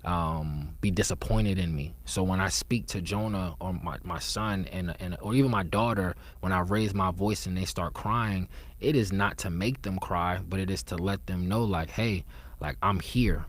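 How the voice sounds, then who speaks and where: A man with a very deep voice speaks in a reflective conversational way. He is earnest and often sinks into a soft, low murmur. When he stresses a point he turns emphatic. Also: moderate pace.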